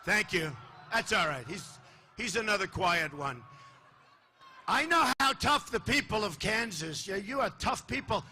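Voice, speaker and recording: Boastful older man shouting at a rally. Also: lively intonation, unhurried, a little hiss or hum. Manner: boastful, repetitive, swinging from low asides to shouting. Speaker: political candidate speaking at a rally. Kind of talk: campaign rally speech. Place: large convention hall. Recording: live hall recording with faint crowd ambience.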